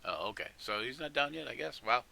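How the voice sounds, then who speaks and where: Bright-voiced man running a tabletop game. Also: medium pitch, animated, fairly quick, vocal fry. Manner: easygoing, laughs often, tallies numbers aloud. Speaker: game master.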